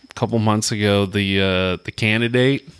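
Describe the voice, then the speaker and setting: A man chatting casually among friends, animated and laughing, retelling movie scenes. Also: normal speed, clean tone. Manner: animated, laughing, breaks into high put-on voices for quotes. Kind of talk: casual chat.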